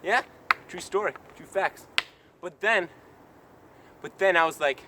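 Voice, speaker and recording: Goofy young American vlogger outdoors. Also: male voice, sits high, unhurried, long pauses, pushed and bright, slight background noise. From United States. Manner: goofy, rambling, mock-serious. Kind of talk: comedic storytelling vlog. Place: outdoors on a trail in woods. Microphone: handheld camera.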